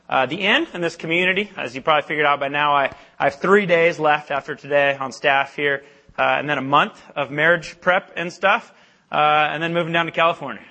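A young man giving a college ministry talk, telling a personal story in an animated, self-deprecating way with lots of fillers. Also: fairly high pitch. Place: church meeting hall.

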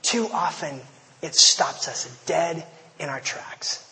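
Male pastor, casual sermon delivery with slangy asides, light high voice, hall echo. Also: slow pace, pushed and bright. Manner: conversational, storytelling, slangy asides. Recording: long hall reverb.

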